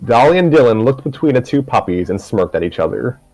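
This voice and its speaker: A man's voice: mid-range voice, sing-song, brisk, darkish tone, no echo, soft background music. A man reading a story aloud live on stream, narrating steadily with the odd restart. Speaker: story reader.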